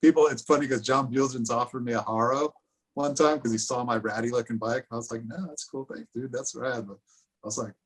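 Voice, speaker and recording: A man's voice: medium pitch, steady tone, a little fast, husky. A man from California, a podcast guest telling a laid-back story. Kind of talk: casual podcast chat.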